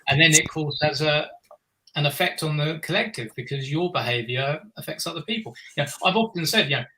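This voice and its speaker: Earnest, rambling man with a bright voice. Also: a little high, fairly quick, rough recording. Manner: earnest, meandering, many restarts. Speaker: guest. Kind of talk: reflective conversation.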